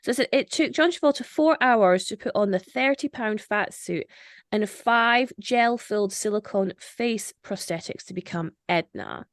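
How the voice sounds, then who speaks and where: A woman hosting a podcast in casual discussion, animated and opinionated, with frequent "like" fillers. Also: medium pitch, moderate pace, no echo, studio quality. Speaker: podcast host.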